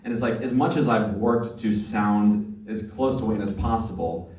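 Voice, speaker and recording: A man's voice: on the low side, moderate pace, darkish tone. A man, a voice actor, telling earnest, nostalgic anecdotes at a fan convention panel, with many fillers. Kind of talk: anecdotal storytelling at a live panel. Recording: echoey room from far off.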